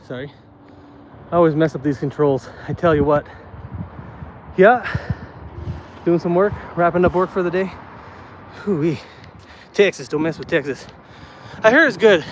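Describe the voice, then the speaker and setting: A man chatting casually with live viewers while walking outdoors, a little out of breath, rambling and getting worked up. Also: a little high. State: slightly out of breath from walking uphill. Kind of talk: casual live walk-and-talk. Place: outdoors on city streets. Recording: faint street noise outdoors.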